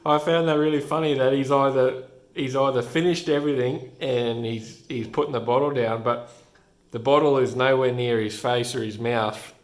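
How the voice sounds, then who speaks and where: A man's voice: medium pitch, steady tone, moderate pace. A man casually reviewing a comic book, rambling with many restarts and frequent chuckles. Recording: roomy room echo.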